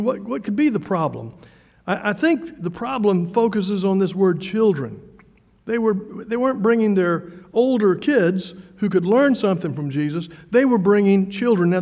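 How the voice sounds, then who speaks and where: A man preaching a sermon in a conversational way, with fillers and repeated words, slowing down for emphasis. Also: high-pitched, lively intonation, a little mellow. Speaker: pastor. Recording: long hall reverb.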